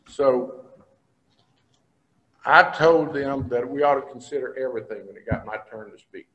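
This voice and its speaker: A man's voice: mid-range voice, normal speed, long pauses, a bit bright. Folksy older man speaking in a hall. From Texas. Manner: folksy storytelling, plain-spoken. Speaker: state senator. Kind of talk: speech to a business breakfast. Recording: long hall reverb.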